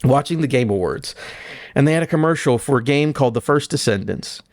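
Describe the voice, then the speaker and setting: A man co-hosting a casual gaming podcast, telling stories in an excited, profane way and acting out what characters say. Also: medium pitch, brisk, no echo, studio quality. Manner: excited, profane storytelling with acted-out quotes. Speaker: podcast co-host.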